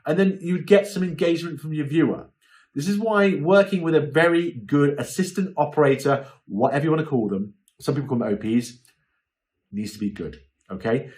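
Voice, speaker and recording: A man's voice: fairly high pitch, fairly quick, darkish tone. A man giving a chatty, informal lesson on livestream selling, often checking in with "okay?". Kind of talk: informal instructional talk.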